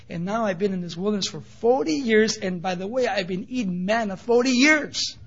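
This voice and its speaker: A man's voice: sits high, a bit bright. A man voicing Moses as a weary older man who pleads and rambles. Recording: dull lo-fi recording.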